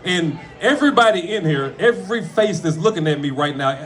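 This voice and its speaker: High, lively man telling stories to a crowd. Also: moderate pace, few pauses. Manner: animated, profane, bursts into shouts. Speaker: comedian speaking at a friend's memorial. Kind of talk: storytelling eulogy with jokes. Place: room with a gathered audience.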